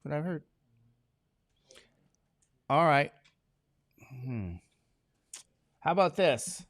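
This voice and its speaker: A man's voice: fairly high pitch, lively intonation, very slow. A man teaching a class, who jokes and keeps asking his students questions, drowsy from medication. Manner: joking, asks the class many questions. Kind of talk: classroom lecture.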